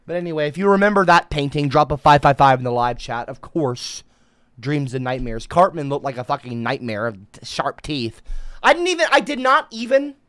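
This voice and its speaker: Excitable ranting man with a lively pitch. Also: fairly quick, smooth, no room sound. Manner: heated, profane, stammering, bursts into shouting. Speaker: livestream host. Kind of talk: ranting livestream chat.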